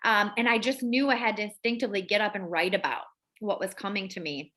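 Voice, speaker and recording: A woman's voice: medium pitch, quick pace, fairly bright tone. A woman hosting a wellness group over a video call, telling a rambling story with many fillers. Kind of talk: casual chat on a video call.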